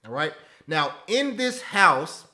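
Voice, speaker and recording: A man in his thirties hosting a live webinar, talking in an animated, preachy way that repeats phrases and keeps asking "right?" and "okay?". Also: fairly high pitch, slow. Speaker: webinar host teaching stock options. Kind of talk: live webinar talk, motivational.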